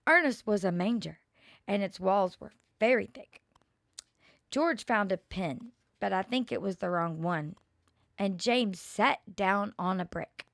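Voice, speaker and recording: Older woman, storyteller, slow expressive read-aloud, playful, mid-pitched, dry close recording. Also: creaky, no room sound. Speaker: storyteller reading poems aloud. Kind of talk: reading children's poems aloud.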